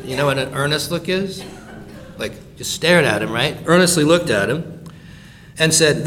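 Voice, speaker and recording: A man's voice: medium pitch, moderate pace. A man preaching a sermon, explaining a Bible passage in casual modern words and acting out the quoted lines. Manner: animated, acts out quoted lines in voices.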